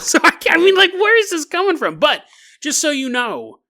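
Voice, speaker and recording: A man hosting a comedic podcast monologue, talking in an animated, mocking way and laughing often as he reads. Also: very high voice, moderate pace. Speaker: podcast host.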